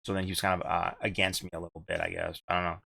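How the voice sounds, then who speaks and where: A man's voice: deep voice, level tone, very fast, creaky, pushed and bright, dry recording. A man hosting a casual gaming podcast, rambling and repeating himself, with casual swearing. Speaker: podcast host and streamer.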